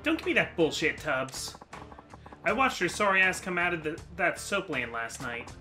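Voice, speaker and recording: A man's voice: on the high side, big pitch swings, normal speed, sharp tone, faint music behind, full character voice. A man voicing a tough, blunt woman debt collector with a brash, taunting manner.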